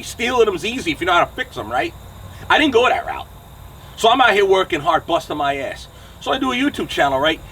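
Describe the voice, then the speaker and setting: Man in his forties, New Jersey accent, angry blunt rant, swearing, high-pitched voice, a bit off-mic outdoors, faint noise. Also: gravelly, fairly bright tone, distant mic. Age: 40s. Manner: angry, profane, blunt, keeps asking "okay?" and "right?". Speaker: trucking channel host. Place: outdoors by a truck shop.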